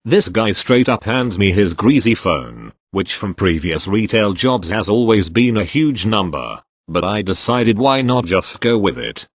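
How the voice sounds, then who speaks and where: A man reading online retail stories aloud with an expressive storytelling delivery. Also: fairly low pitch, unhurried, hardly any pauses, no echo. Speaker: story reader.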